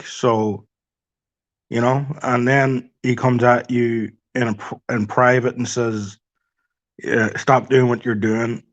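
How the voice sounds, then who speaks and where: A man on a boxing panel, agreeable and hesitant, often filling pauses with "you know". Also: medium pitch, highs cut off. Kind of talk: casual panel chat.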